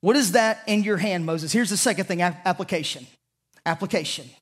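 A man from the American South with a Southern accent, preaching an impassioned sermon as pastor to a congregation, swinging from loud declarations to hushed lines. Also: high voice, fairly quick. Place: church sanctuary with a congregation.

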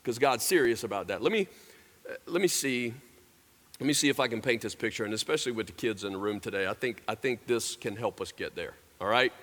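Guy preaching a sermon, storytelling to the crowd, bright voice, big echoey room. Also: medium pitch, brisk. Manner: storytelling, talks straight to the congregation. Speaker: pastor. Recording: echoey large hall.

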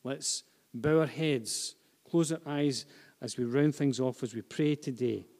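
A man preaching a sermon to a congregation, swinging from hushed, intimate phrases to loud, repeated emphasis. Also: medium pitch, measured pace. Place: church hall with a live and online congregation. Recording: long reverb of a large hall.

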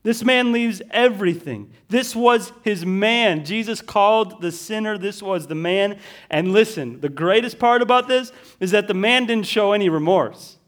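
A male pastor with a notably high voice, delivering a sermon. He leans on repeated words and casual asides, and swings from forceful declarations to quiet, slowed-down lines. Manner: emphatic preaching, repeating key words, swinging from loud to hushed; casual fillers like "listen" and "right?".

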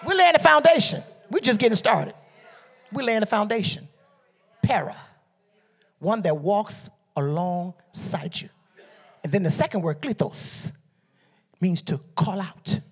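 A woman from Detroit preaching a sermon with call-and-response, swinging from soft teaching to shouted exhortation. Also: medium pitch, expressive, measured pace, pauses often, slightly rough. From Detroit, USA. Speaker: preacher and beauty coach. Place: church service.

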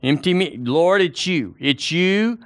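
A man preaching a sermon in an emphatic, animated way, with loud and soft swings. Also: a little high, slow, dry recording, clean studio sound.

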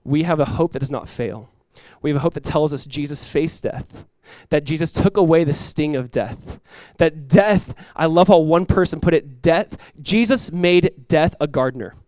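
A man in his thirties, a pastor preaching a sermon and telling a family story with lively, rising emphasis. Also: on the high side, moderate pace, few pauses, no room sound. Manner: animated storytelling, rises loud when acting out his talks with his son.

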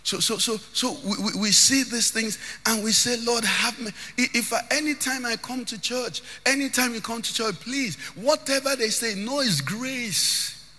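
A man's voice: extremely high pitch, normal speed, hardly any pauses, pushed and bright. A man preaching a sermon as pastor, emphatic, often lifting phrases into a sung tone and repeating words as he builds. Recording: long hall reverb.

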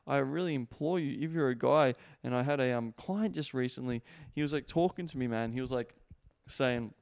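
A man's voice: mid-range voice, brisk, vocal fry, a little mellow, smooth, no room sound, clean studio sound. A young man hosting a solo podcast, talking in a rambling, profane way full of fillers. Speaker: podcast host, sex coach. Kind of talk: casual solo podcast monologue.

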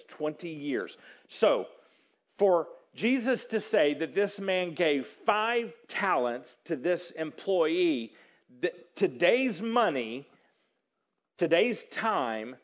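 A man preaching a sermon, telling a story with lively, animated delivery and acting out excited characters. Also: fairly high pitch, takes it slowly. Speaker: pastor.

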